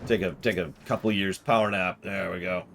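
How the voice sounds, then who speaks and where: A man streaming a game, chatting casually and retelling scenes with quick mock voices and exasperated outbursts. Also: low voice, fairly even intonation, vocal fry, a bit bright, slight background noise. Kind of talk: casual let's-play commentary.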